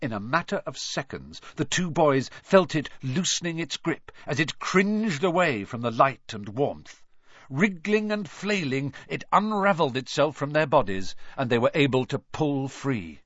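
A man reading a children's fantasy story aloud with expressive, dramatic narration. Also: a little high, a little slow, no room sound, muffled recording. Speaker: audiobook narrator.

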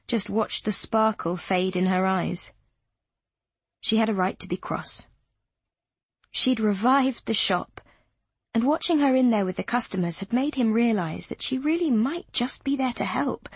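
A woman reading an audiobook in measured, steady narration, with a slightly husky voice. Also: on the high side, dry recording. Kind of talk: scripted narration.

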